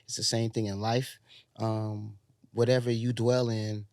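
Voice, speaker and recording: A man with a Chicago accent speaks low and easy, drifting through thoughts with frequent ums and street slang. The sound is close and dry, with no room around his voice. He comes across as an interview guest chatting casually. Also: little pitch movement, unhurried, a little mellow, dry recording. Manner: laid-back, slangy, reflective with many ums. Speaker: R&B singer, guest.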